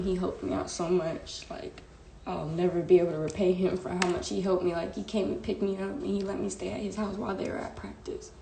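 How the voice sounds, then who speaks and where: Gravelly, low-voiced young woman. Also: warm tone. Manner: candid and emotional, heavy use of "like" and "bro". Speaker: live-stream host. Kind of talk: casual storytelling to viewers. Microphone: phone live stream. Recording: echoey room with faint background hiss.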